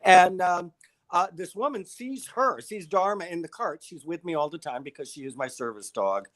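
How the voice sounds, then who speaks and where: A man's voice: high voice, normal speed. A middle-aged man from upstate New York, a guest telling stories in a casual interview and acting out the people he quotes. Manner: animated storyteller who acts out the people he quotes.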